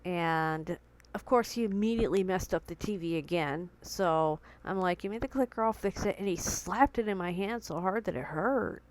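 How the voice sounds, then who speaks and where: The recording is low quality, capturing a young woman's fairly low-pitched voice at a normal speed. Vlogging at home, she tells the story of a tense confrontation earnestly and emotionally, reciting the dialogue while still shaken with her heart pounding.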